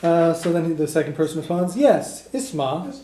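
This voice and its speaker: A man teaching a beginner language class, relaxed and chuckling, with plenty of fillers. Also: on the high side, quick pace, crowd noise. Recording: echoey classroom.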